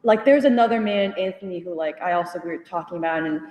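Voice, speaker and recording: A young woman retelling a conversation to a study group, animated and full of fillers, laughing as she goes. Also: lowish voice, fast. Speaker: union member sharing at a study group. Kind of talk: casual storytelling in a group discussion. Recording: echoey hall, voice from far off.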